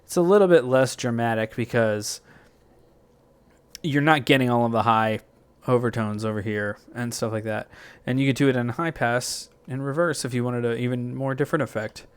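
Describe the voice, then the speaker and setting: A man hosting a music software tutorial, thinking aloud in a loose, rambling way with plenty of fillers and self-corrections. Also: mid-range voice, moderate pace, clear, resonant tone.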